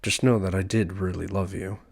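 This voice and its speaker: A man's voice: low-pitched, fairly even intonation, fairly quick, creaky, darkish tone, breathy edge, no echo, clean studio sound, heavily acted. A man reading a remorseful young man's lines. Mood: somber. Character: remorseful young man, quiet and self-aware. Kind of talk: reading game dialogue aloud.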